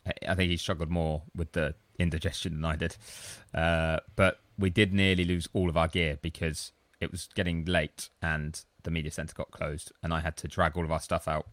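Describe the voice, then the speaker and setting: A man's voice: very deep voice, flat delivery, moderate pace, hardly any pauses, a bit bright, dry recording. A man co-hosting a podcast, telling long, rambling, self-deprecating stories in casual chat. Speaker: podcast co-host.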